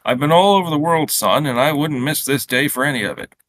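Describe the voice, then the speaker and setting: A man's voice: fairly high pitch, expressive, brisk, a bit bright, pitched above the performer's own voice. A man reading as a jovial old grandfather. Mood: hearty. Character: jovial old grandfather, well-traveled and warm.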